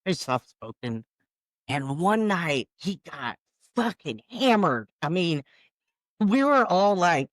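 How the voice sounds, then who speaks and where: A woman's voice: on the low side, takes it slowly, long pauses, no room sound, studio quality. A woman in her fifties, a singer and guest, who tells funny stories in casual chat, laughing, swearing and acting out quotes. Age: 50s. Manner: laughing, swearing, animated quoting.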